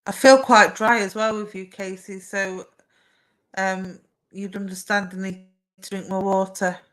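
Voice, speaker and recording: A woman's voice: medium pitch, steady tone, a little slow, low-quality recording. A young woman hosting a casual live stream, chatting to viewers and giving psychic readings with plenty of fillers. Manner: chatty, warm replies to viewer comments with frequent fillers.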